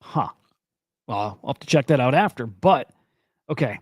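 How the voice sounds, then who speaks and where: Speaking at a moderate pace, a young man with an expressive, mid-range, somewhat dark voice hosts a casual crypto and NFT news stream. He rambles, swears and grows heated, and the studio-quality recording has no room sound.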